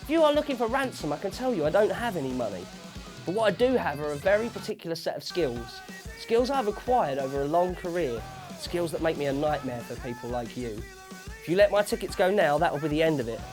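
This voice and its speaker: A man putting on a grim ex-agent threatening kidnappers in a low, slow, measured voice, as a comic movie parody. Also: expressive, music in the background, natural voice. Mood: menacing.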